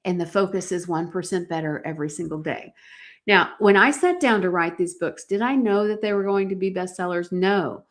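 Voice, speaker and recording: A woman's voice: lowish voice, moderate pace. A middle-aged woman hosting a live-streamed podcast, giving an earnest, encouraging talk and speaking directly to her viewers. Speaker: podcast host.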